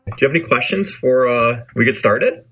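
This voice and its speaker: A man's voice: mid-range voice, animated, brisk, slightly rough, lo-fi sound. A man playing an awkward interviewer in a comedy skit clip, hesitant and easily caught off guard. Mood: flustered. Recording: clip with loud music behind.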